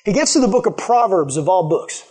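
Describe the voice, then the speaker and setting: A man preaching a casual sermon, telling a story and acting out quotes in lively put-on voices. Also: high voice, fairly quick, husky. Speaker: pastor.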